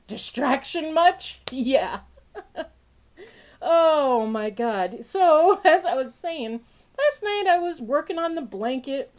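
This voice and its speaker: Woman host, fairly high pitch, sniffly, chatty and playful, bursts of laughter. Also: slow. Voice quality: sniffly nose. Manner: playful, laughs often, big pitch jumps when excited. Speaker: podcast host. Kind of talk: casual chat.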